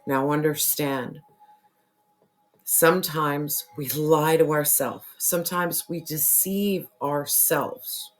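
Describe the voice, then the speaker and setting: A tarot reader losing their voice, who keeps clearing their throat and talks earnestly and repetitively straight to the viewer. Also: medium pitch, fairly even intonation, takes it slowly. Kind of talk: casual spiritual tarot reading to camera.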